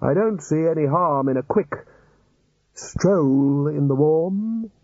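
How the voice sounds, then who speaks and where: A man voicing a wistful, cold old wizard who pleads in a drawn-out, whining way. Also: fairly high pitch, lively intonation, darkish tone, no echo, dull audio, voice pushed up, exaggerated voice.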